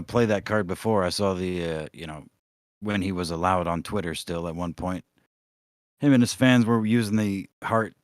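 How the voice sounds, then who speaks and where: A man hosting a casual podcast, his lowish voice rambling through sarcastic, profane chat. The sound is dry and close. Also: no echo. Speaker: podcast host.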